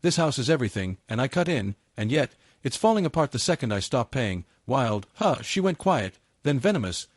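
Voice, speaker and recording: A man narrating a first-person family drama story in an even, steady storytelling read. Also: mid-range voice, brisk, hardly any pauses, no room sound, clean studio sound.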